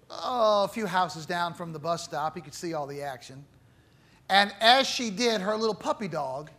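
A man preaching a sermon with dramatic swings between loud emphasis and hushed low phrases.

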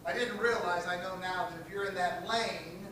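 A man's voice: sits high, fairly even intonation, normal speed, over a noisy crowd. A man teaching a class, speaking emphatically, repeating key phrases and putting questions to his students. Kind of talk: classroom lecture. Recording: echoey room, mic far off, noisy.

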